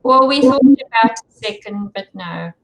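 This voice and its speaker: A woman's voice: fairly high pitch, lively intonation, normal speed, fairly bright tone, slight background noise, poor audio. Older woman giving short answers. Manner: brief answers, laughs easily. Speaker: client. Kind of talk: casual conversation.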